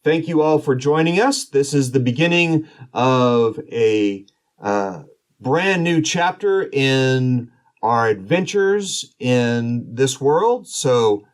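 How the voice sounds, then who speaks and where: A man hosting a role-playing podcast, narrating as game master with frequent filler pauses. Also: on the high side, lively intonation.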